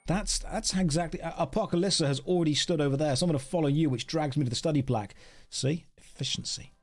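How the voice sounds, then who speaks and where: A male game streamer with a fairly high, light voice talks fast and jokes around with his viewers, with faint music in the background. His casual stream chat is playful and chatty with the audience.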